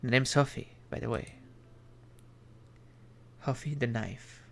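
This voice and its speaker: A man voicing a crude male devil on a train, low and gravelly, talking slowly. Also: a bit bright, heavily acted. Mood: drawling. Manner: slow, crude, drawling.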